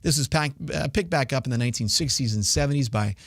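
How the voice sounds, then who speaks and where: A man's voice: mid-range voice, fast, dry recording, clean studio sound. A young man hosting his own podcast, giving opinionated solo news commentary with many "uh" fillers. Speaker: podcast host.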